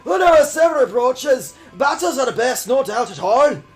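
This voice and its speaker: A man voicing an impatient old retired champion trainer, shouting his lines in an overeager way. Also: very high-pitched, sing-song, normal speed, soft background music, voice pushed up.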